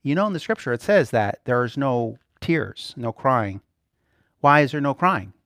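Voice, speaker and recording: A man preaching a sermon in an animated, playful way, often laughing between points. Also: mid-range voice, normal speed, no room sound, clean studio sound.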